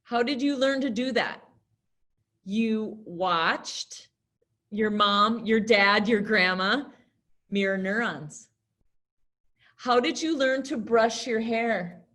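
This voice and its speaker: A middle-aged American woman teaching a class in a lively, chatty way, acting out little scenes as she explains. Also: fairly high pitch, takes it slowly, long pauses. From United States. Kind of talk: classroom lesson talk.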